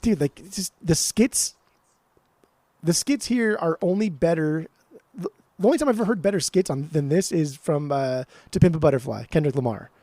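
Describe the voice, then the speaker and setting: A man co-hosting a podcast in casual chat, talking excitedly and swearing freely as he gushes about music. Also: a little high, normal speed, no echo. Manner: excitable, swears often, animated enthusiasm. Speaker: podcast co-host.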